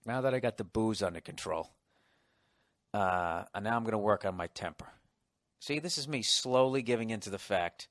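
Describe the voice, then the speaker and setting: A man, hosting a solo comedy podcast, rambling and swearing, mocking himself and now and then rising to loud excited outbursts. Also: on the low side, normal speed, no echo, clean studio sound. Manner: profane, rambling, self-mocking. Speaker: podcast host.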